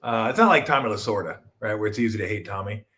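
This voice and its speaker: A middle-aged man from Southern California riffs through a casual solo sports talk show. He rambles and jokes, jumps to loud excited peaks, then drops to mumbled asides, his pitch swinging widely. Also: fast.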